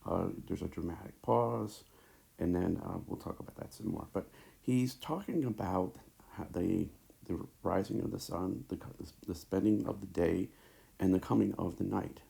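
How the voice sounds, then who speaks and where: A man teaching a recorded lecture over slides, talking haltingly with many fillers and restarts, into a tablet mic. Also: low voice, gravelly, dark tone.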